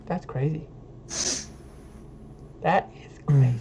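A young man hosting casual gameplay chat, excitable and teasing. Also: fairly high pitch, slow, vocal fry, highs cut off, background noise. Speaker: gaming channel host.

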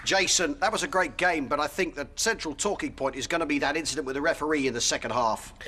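Guy doing a high earnest sports presenter, audience roaring, noisy. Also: fast talker, over a noisy crowd, lightly acted.

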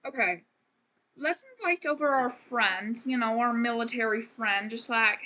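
Playing a life-sim game, this woman streamer chats casually and pokes fun at herself, leaning on "man" and "frickin'" again and again. Her voice is fairly high, pushed and bright, with a slightly slow pace.

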